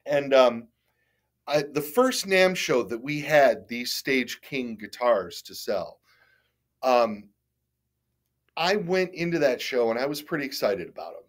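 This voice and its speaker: A middle-aged man with a mid-pitched, ordinary voice speaks as a guest in a relaxed interview. He rambles through his stories, restarting sentences and stammering. He is candid and self-deprecating, and swears now and then. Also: measured pace. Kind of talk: casual interview storytelling.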